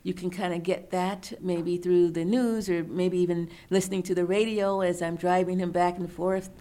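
A middle-aged woman, an author and researcher, answering interview questions in a thoughtful, measured storytelling manner. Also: lowish voice, level tone, warm tone.

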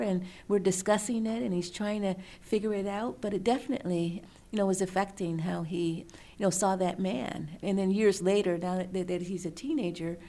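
A middle-aged woman, an author and researcher, answering interview questions in a thoughtful, measured storytelling manner. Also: mid-range voice, vocal fry, dark tone.

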